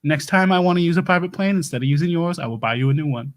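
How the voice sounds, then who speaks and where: A man plays a bumbling doomsday prep lecturer with a drawl. His voice sits a bit high, and he stammers and backpedals constantly in an improvised comedy stream. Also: rapid-fire, close to an everyday voice. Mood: flustered. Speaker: host.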